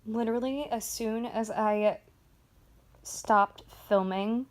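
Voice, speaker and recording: A woman's voice: a little high, steady tone, slow pace, a little hiss or hum. A woman beauty vlogger chatting casually about her makeup, with lots of ums and likes. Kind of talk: casual chat showing makeup. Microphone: phone.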